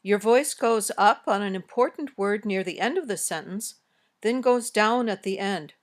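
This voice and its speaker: An American woman reading a scripted English lesson, modeling sentences slowly and carefully as a teacher. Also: mid-range voice. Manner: slow, careful, clearly modeled example sentences. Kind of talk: scripted instructional narration.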